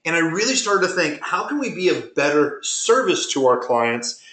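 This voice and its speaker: Animated man telling business stories. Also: fairly high pitch, normal speed. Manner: animated, retells conversations with quoted dialogue. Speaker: webinar presenter. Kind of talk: storytelling business presentation. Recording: roomy echo.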